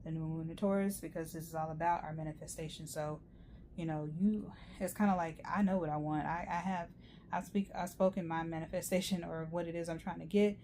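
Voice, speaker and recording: A woman's voice: fairly low pitch, steady tone, brisk, dark tone, slight background noise. A woman giving a rambling, chatty tarot reading, full of fillers and asides. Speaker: tarot reader. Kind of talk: casual tarot reading monologue.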